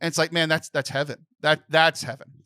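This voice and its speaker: A man's voice: fairly high pitch, level tone, a little fast, pushed and bright, clear, resonant tone, no room sound. A young man co-hosting a podcast in casual chat, emotional and close to tears, rambling with many restarts. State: tearful. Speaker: podcast co-host.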